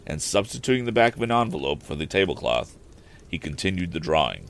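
A man narrating a storybook aloud as podcast host, in an expressive, measured storytelling way. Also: sits low. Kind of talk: audiobook narration.

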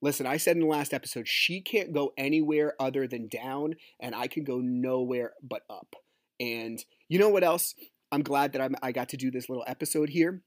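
A man's voice: medium pitch, moderate pace, no room sound, clean studio sound. A man hosting his own podcast, ranting in an agitated, swearing, rambling way about a custody fight. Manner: agitated, swears, talks over himself. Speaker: podcast host; divorced father. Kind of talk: casual ranting monologue.

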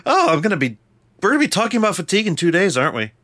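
A man with a bright, fairly high voice co-hosting a podcast. He sounds relaxed and self-deprecating, with lively pitch swings, recorded dry and close. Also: rapid-fire, no room sound. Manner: laid-back, self-deprecating, chuckles. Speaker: podcast co-host. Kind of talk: casual podcast chat.

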